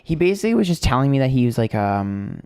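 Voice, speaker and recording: A man's voice: mid-range voice, big pitch swings, fast, creaky, mellow, smooth, dry recording, studio quality. A young man who reads tarot, rambling through a story in casual chat, swearing freely and sounding exasperated. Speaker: tarot reader and streamer.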